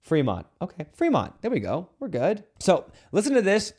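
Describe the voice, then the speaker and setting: A man's voice: high-pitched, wildly swooping pitch, normal speed, gravelly, a little mellow, breathy edge. A man who is a Catholic priest, giving an earnest, conversational video homily to camera with playful asides. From United States.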